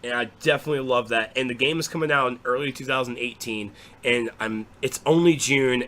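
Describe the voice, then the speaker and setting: A man hosting a casual recap of game news, excitable and swearing freely. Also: medium pitch, fairly quick, a little hiss or hum. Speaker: gaming show host.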